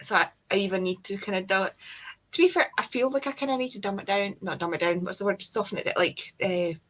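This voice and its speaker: A woman's voice: medium pitch, fast talker, a bit bright. A woman with a Scottish accent chatting casually with friends, laughing easily. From Scotland. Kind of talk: casual group chat.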